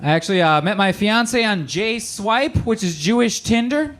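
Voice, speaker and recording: Young guy doing standup in a small club, voice pitched up and bouncing all over, deadpan jokes. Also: normal speed. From Michigan. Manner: deadpan punchlines, acts out quoted voices. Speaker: stand-up comedian. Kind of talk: stand-up comedy set. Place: small comedy club with live audience.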